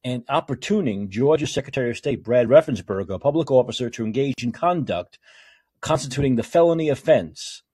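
A political talk show host with a mid-range, slightly breathy voice speaks a little fast. He reads legal documents aloud in calmer stretches, then breaks into heated, sarcastic, profane rants.

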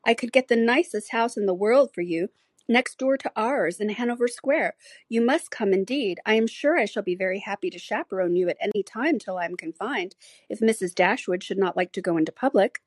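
A woman's voice: medium pitch, a little fast, slightly rough, dry recording, close to an everyday voice. A woman voicing a giddy, chattering young society wife in an audiobook, gushing breathlessly. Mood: coaxing. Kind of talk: audiobook character reading.

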